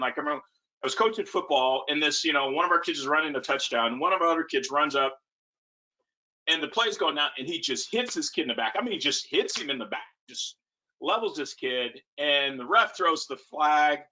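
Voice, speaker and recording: Bright-voiced animated male coach. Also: on the high side. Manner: animated storytelling. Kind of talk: casual webinar talk. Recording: muffled lo-fi call audio.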